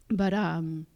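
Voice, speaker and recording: Chatty low-voiced woman telling stories. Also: muffled recording. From Musqueam community, Canada. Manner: chatty, many fillers and restarts, laughs often. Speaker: guest speaker at a cultural sharing. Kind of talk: casual personal storytelling. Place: theatre stage.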